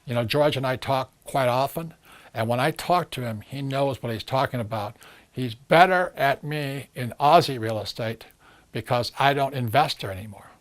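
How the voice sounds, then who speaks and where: A man's voice: medium pitch, normal speed. An older man speaking as a guest, giving a recorded message to an audience, emphatic and rambling, repeating his key phrases. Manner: rambling with frequent restarts.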